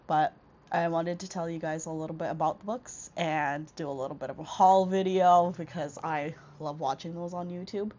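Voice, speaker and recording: A young vlogger congested from a cold chats through a casual book haul, rambling with many fillers and restarts. Her low, mellow voice holds a steady tone at a moderate pace, recorded on a small wireless clip-on mic with the highs cut off.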